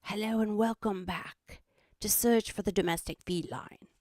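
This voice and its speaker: A woman putting on an Australian accent to play an excitable female wildlife presenter who narrates about house cats in a breathless nature-documentary style. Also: mid-range voice, unhurried, no room sound, clean studio sound, voice pushed up, natural voice. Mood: excited. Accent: put-on Australian.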